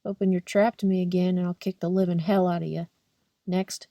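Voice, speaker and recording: A woman reading a scornful gruff cop. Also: lowish voice, little pitch movement, brisk, dark tone, no echo, clean studio sound, lightly acted. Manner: snapping, insulting. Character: harsh, contemptuous male police officer.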